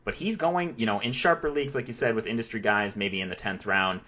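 A man hosting a podcast, brisk and analytical as he breaks things down. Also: on the low side, sharp tone, muffled recording. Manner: brisk, analytical, quick delivery. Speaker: podcast host. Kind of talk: casual podcast chat.

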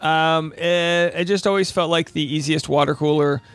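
A man's voice: on the high side, steady tone, normal speed, a bit bright, clean tone. A man hosting a casual podcast, chatty and joking with many fillers. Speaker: podcast host. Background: faint Celtic music.

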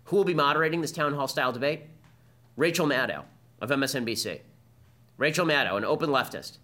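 A man's voice: mid-range voice, expressive, bright, forceful tone. A man hosting a podcast, delivering combative political commentary as a monologue. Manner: combative, fast-talking monologue. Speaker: podcast host.

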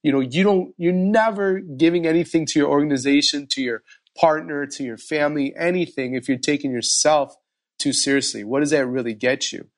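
A man hosting a podcast interview, telling stories in a chatty, animated way. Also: fairly high pitch, a little fast. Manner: animated storyteller, frequent fillers. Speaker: podcast host. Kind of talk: casual interview chat.

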